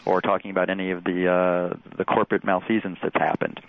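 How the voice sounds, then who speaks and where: A very deep-voiced man gives expert commentary down a phone line that sounds narrow and tinny. He talks in halting phrases, stacks up repeated words, and slips in some dry humor. The sound is close and dry. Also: level tone, vocal fry, dry recording. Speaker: political analyst guest on phone. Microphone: telephone.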